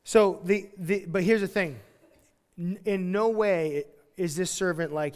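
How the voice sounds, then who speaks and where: A man preaching a sermon as pastor, chatty and self-deprecating, with quick acted-out quotes. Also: sits high, big-room sound. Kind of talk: verse-by-verse sermon. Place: church sanctuary.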